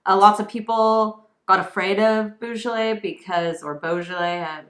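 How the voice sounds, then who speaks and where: A woman's voice: medium pitch, measured pace, fairly bright tone. A woman co-hosting a casual wine-tasting chat, explaining wine regions and winemakers in an informative way. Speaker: co-host, wine shop worker. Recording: echoey room.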